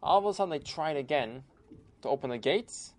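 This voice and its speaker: A man telling a folk tale aloud in an animated manner, with sudden emphatic bursts. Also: fairly high pitch, a little fast. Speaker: storyteller. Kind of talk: oral storytelling.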